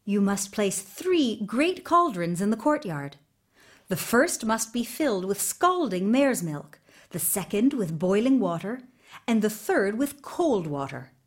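A woman's voice: medium pitch, sing-song, unhurried. A woman voicing a proud young princess who speaks firmly and commands in a fairy-tale reading. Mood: commanding. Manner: firm and commanding.

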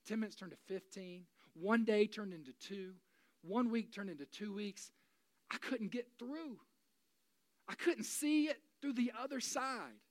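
A pastor in their forties giving a sermon, moving between loud, urgent preaching and quiet, confiding talk. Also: mid-range voice, normal speed, no room sound. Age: 40s. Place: church.

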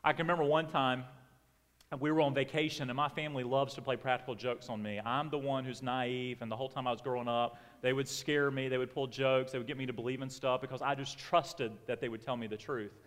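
A middle-aged man preaching a sermon as a pastor, telling a personal story in an animated way and acting out family members. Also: mid-range voice, a little fast. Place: church sanctuary. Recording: long reverb of a church hall.

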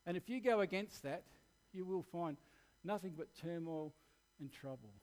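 A man's voice: fairly high pitch, normal speed, a little mellow. An Australian man preaching a sermon, telling a candid personal story in an earnest, plain-spoken way.

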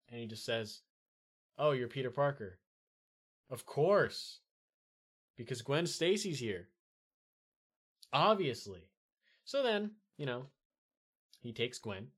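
Male host, mid-pitch, casual rambling rant, swears freely, restarts often. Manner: rambling, profane, animated with frequent fillers. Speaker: podcast host reviewing a movie.

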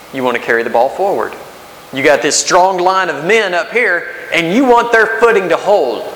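Guy in his 30s preaching, chatty sermon style w lots of questions, fairly high voice, echoey church hall w faint hiss. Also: fairly bright tone. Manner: conversational preaching with rhetorical questions and restarts. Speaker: pastor.

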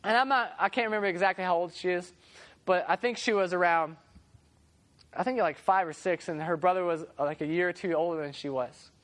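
A woman's voice: fairly low pitch, brisk. A young woman preaching a sermon, telling stories and acting out the voices in them. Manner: animated, acts out voices in stories. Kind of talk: sermon with storytelling.

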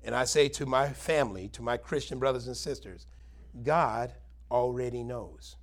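A man's voice: medium pitch, moderate pace. A man preaching a plain-spoken Bible teaching sermon, earnest and conversational, with emphatic bursts. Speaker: pastor.

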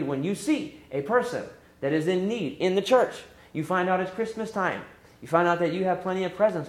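A middle-aged man preaching a sermon as pastor, lively and emphatic, pushing up into high exclamations. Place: church sanctuary. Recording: echoey church room.

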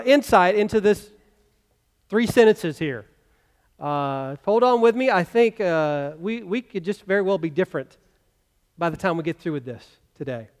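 High-voiced pastor preaching in a reverberant hall. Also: male voice, clear, resonant tone. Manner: conversational preaching with rhetorical questions. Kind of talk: sermon. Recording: long reverb of a church hall.

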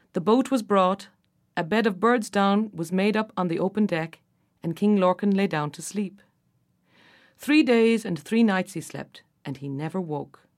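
A woman reading a folktale aloud, narrating expressively and lifting her voice for the characters' lines. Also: medium pitch. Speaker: storyteller.

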